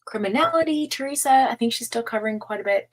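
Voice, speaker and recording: A woman's voice: a little high, fast talker, low-quality recording. A woman doing a casual live-stream tarot reading, chatty and gushing with lots of fillers. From United States. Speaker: tarot reader.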